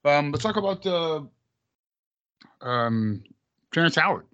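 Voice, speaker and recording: A man's voice: fairly high pitch, animated, slow pace, sharp tone. A man co-hosting a casual podcast movie review, rambling with lots of fillers and casual swearing. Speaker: podcast co-host. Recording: slightly dull lo-fi sound.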